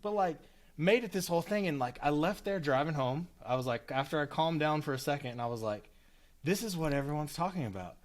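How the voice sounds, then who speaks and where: A man in his thirties, a podcast co-host, telling a casual story with lively, cursing asides and acted-out quotes. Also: on the high side, fairly quick. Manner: animated, acts out quotes with cursing.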